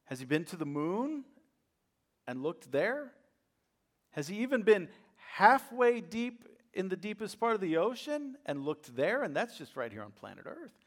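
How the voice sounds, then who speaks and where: A middle-aged American pastor preaching a sermon, swinging from loud rhetorical questions down to quiet asides. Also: male voice, sits high, very animated, unhurried.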